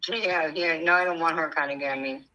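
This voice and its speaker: A woman's voice: low-pitched, steady tone, brisk, sharp tone, lo-fi sound. An older woman chatting casually as a stream host, telling stories and laughing often. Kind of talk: casual chat.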